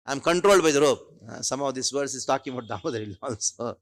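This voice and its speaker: A man giving a devotional lecture in a temple, telling stories animatedly, acting out the characters and often clearing his throat. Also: mid-range voice, fast. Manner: animated, acts out quotes, frequent throat-clearing. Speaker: scripture class teacher. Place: temple hall.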